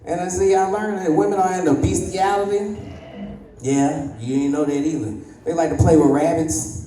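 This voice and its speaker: A man's voice: fairly high pitch, fairly even intonation, moderate pace, noisy background. A man in his thirties doing a stand-up comedy set, acting out voices and laughing at his own jokes. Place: comedy club stage. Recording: echoey room, voice slightly distant.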